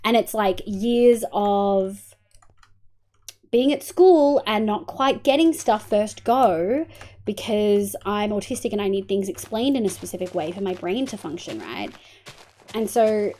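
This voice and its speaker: Australian woman streamer chatting while gaming. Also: medium pitch. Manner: chatty, swearing, thanks viewers by name; swings between quiet mumbles and loud bursts. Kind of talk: casual live-stream chat while gaming.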